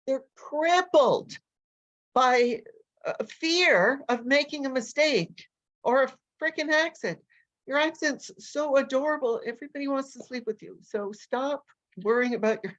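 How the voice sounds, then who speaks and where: Animated woman coach on a lo-fi call. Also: high-pitched, unhurried. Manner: animated, energetic storyteller who acts out voices. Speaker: language coach and educator. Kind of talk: casual interview talk, telling stories.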